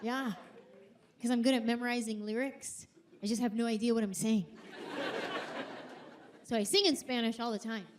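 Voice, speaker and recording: A woman performing a stand-up comedy routine on stage, animated and acting out quotes in high voices. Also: normal speed, long pauses, background noise. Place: theater stage before a live audience.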